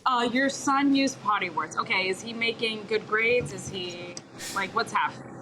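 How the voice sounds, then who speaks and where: A woman's voice: medium pitch, normal speed, crowd noise, low-quality recording. Laughing, playful woman guest. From born in Dallas, Texas, USA. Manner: playful, laughing, swears freely. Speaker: guest, TV show producer. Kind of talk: casual interview chat.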